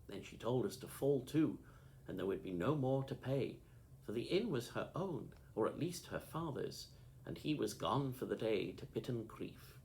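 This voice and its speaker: A man narrating an audiobook with lively, expressive storytelling, over a faint background hiss. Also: mid-range voice, moderate pace, rough recording. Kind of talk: audiobook reading.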